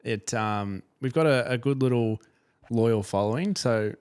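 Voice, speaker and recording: A man's voice: medium pitch, a little slow, darkish tone, clean tone, no room sound, studio quality. Cheeky sweary Australian man. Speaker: podcast co-host. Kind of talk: casual banter.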